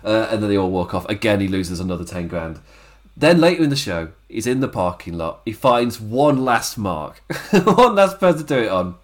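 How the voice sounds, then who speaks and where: A man co-hosting a casual podcast chat, retelling scenes with frequent laughter and quick acted quotes. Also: fairly low pitch, lively intonation. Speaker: podcast co-host. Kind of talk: casual chat recapping a wrestling show.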